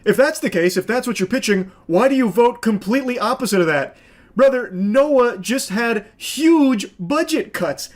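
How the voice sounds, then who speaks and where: Man reacting to clips, sarcastic and foul-mouthed, voice sits fairly high. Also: expressive, normal speed. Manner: profane, sarcastic ranting. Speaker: commentator. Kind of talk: reaction commentary.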